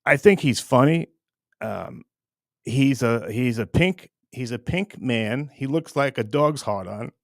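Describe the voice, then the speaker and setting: A man rants casually to camera on his own online show, rambling and teasing, repeating words and restarting often. His medium-pitched voice is animated and slow, recorded dry with clean studio sound.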